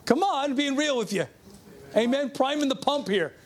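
Middle-aged male pastor with a high voice, preaching a conversational testimony sermon. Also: animated, normal speed. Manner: conversational, calls out to the congregation.

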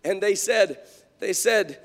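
A man preaching a sermon, telling a story with frequent hallelujahs and building to shouts. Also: high-pitched, takes it slowly. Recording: long hall reverb.

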